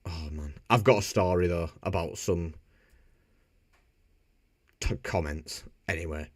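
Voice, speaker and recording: Reading viewer comments aloud on his live stream, this Bradford motorbike streamer jokes and chats in a Yorkshire accent. He speaks at a measured pace in a low voice, captured in clean studio quality without echo.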